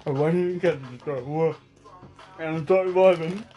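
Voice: medium pitch, moderate pace, warm tone, faint music behind. A friend chatting casually, teasing the others and swearing freely. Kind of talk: casual chat among friends.

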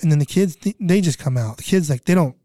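Dark-voiced rambling man telling a story. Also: on the high side, expressive, fast talker, no echo, clean studio sound. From California. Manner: rambling, repeats words, quotes people in put-on voices. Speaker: guest recounting flood relief work. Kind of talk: casual storytelling chat.

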